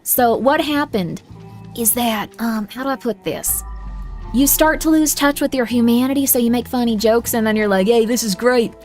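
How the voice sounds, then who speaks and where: A woman's voice: on the high side, normal speed, darkish tone, faint music behind. A young woman streaming a game, giving viewers motherly advice in a put-on southern drawl and calling them honey. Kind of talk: casual livestream chat.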